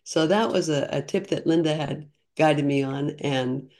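A woman's voice: sits low, unhurried, darkish tone. A woman in her sixties, a podcast guest, telling her story in a chatty, earnest way with frequent restarts. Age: 60s. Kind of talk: casual storytelling interview.

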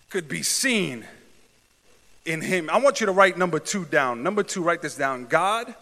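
A man preaching a sermon, talking back and forth with the congregation and building to loud, drawn-out shouted climaxes. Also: fairly high pitch, animated. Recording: long hall reverb.

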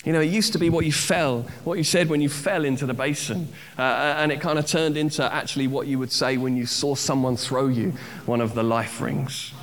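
A man's voice: mid-range voice, steady tone, fairly quick, big-room sound. A man giving a sermon as a pastor, teaching a word study with acted-out cries and repeated phrases.

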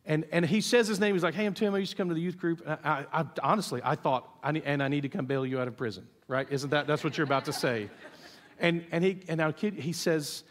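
Pastor preaching in a reverberant hall. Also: male voice, fairly high pitch, a little fast. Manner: storytelling, animated, acts out quotes. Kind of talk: sermon. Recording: long reverb of a church hall.

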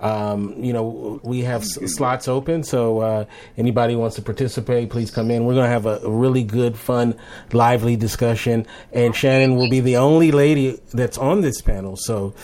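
A male host running a relaxed talk show. He speaks in a friendly way, often stopping and restarting his sentences. His voice sits at a medium pitch. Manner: hesitant, halting, friendly. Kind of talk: casual chat.

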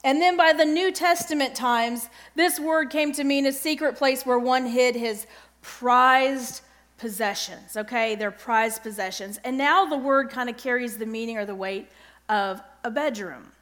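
Middle-aged lady teaching a bible lesson, high voice, earnest, keeps asking okay?. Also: unhurried, a bit bright.

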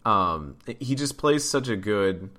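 Deep-voiced guy rambling casually on a podcast, lots of ums and restarts. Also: slow pace. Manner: relaxed, rambling, with many fillers and restarts. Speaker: podcast co-host. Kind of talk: casual chat.

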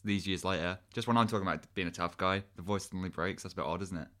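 Low-voiced exasperated straight man. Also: very fast, sharp tone. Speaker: comedy sketch performer. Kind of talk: improvised comedy sketch.

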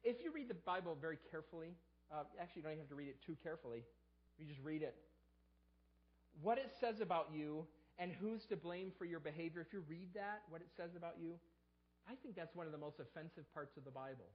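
Preaching quickly and expressively, this pastor has a fairly high voice captured on dull-sounding audio. His pitch leaps up each time he performs the excuses people give.

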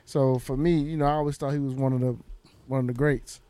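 Relaxed mid-pitched man on a podcast. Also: fast, no echo. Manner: relaxed, rambling with fillers. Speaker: podcast co-host. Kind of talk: casual chat.

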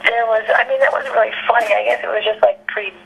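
An actress being interviewed, telling candid stories in a rambling, chatty way, full of fillers and laughter. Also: female voice, on the high side, fairly even intonation, fast, vocal fry, a little hiss or hum, poor audio. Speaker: actress guest.

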